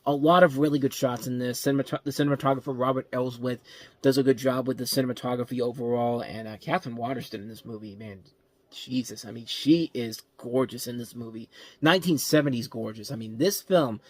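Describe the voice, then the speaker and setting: A man's voice: medium pitch, steady tone, fairly quick, dry recording. Rambling man reviewing movies. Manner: rambling, self-correcting, enthusiastic. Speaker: movie review show host. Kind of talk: casual spoken movie review.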